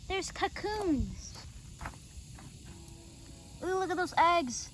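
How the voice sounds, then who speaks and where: A young woman chats casually as the videographer on an outdoor cemetery walk, reacting squeamishly to what she finds. Her voice sits high and she speaks slowly, with clear outdoor noise behind her. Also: big pitch swings. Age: young adult. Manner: slow, squeamish exclamations. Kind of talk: casual chat.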